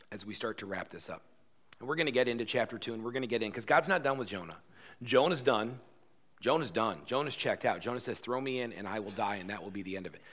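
A man's voice: medium pitch, fairly bright tone. Emphatic conversational male preacher. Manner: emphatic, conversational, acts out quotes. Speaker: pastor. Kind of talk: sermon.

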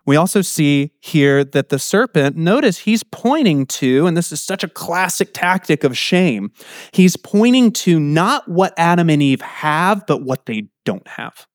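Speaking a little slowly and with animation, a middle-aged man whose voice sits a bit high delivers a chatty sermon, often questioning his audience. The sound is clean studio audio with no echo.

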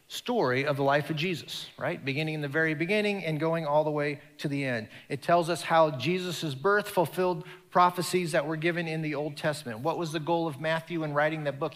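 A man preaches with lively energy, jumping into voices for the people he quotes. His voice sits a little high, and it carries with a long reverb, as if he is in a large hall. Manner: animated, acts out quoted voices, laughs. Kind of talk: sermon.

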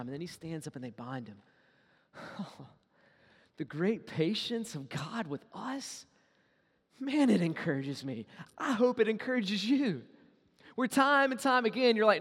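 A man preaching a sermon in a high, bright register. He moves between near-shouted lines and quiet, close asides. The hall adds a long reverb tail. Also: moderate pace, husky. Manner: animated, swings between loud acted quotes and hushed intimate asides. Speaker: pastor.

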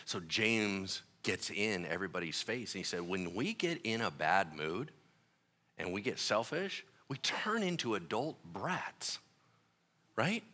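A man preaching a sermon, an animated and joking storyteller who acts out little voices in his asides. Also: on the low side, unhurried. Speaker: pastor.

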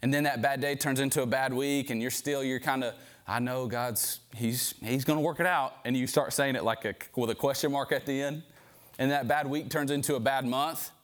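A man's voice: mid-range voice, steady tone, brisk. A man preaching an informal sermon to a men's group in a conversational way, often repeating words, then leading a prayer.

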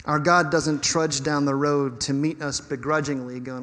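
High-voiced man preaching a lively sermon. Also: measured pace, in a large hall. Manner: animated, conversational preaching with humor. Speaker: pastor.

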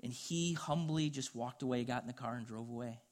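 A man's voice: medium pitch, fairly quick, darkish tone. A middle-aged man preaching a sermon, telling a personal story in an earnest, conversational way. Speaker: pastor.

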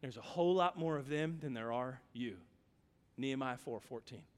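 A man from Louisiana preaching a sermon, telling stories and swinging between loud urgent calls and hushed, low passages. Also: moderate pace, clean tone. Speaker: pastor. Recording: long hall reverb.

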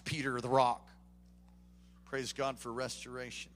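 A man preaching a sermon to a congregation, swinging from hushed asides to loud, animated bursts. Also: high-pitched, moderate pace. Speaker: pastor. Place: church before a congregation.

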